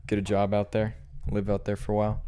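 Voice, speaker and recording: A young man with a fairly low voice, co-hosting a podcast in relaxed, casual chat. He is laid-back and tends to be the one who brings up the next topic. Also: fast talker, slight background noise. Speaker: podcast co-host.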